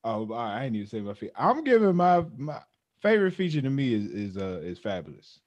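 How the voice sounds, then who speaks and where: A man's voice: mid-range voice, sing-song, quick pace, darkish tone, muffled recording. A man co-hosting a podcast, talking in a loose, joking, slang-heavy way. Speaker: podcast co-host. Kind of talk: casual chat.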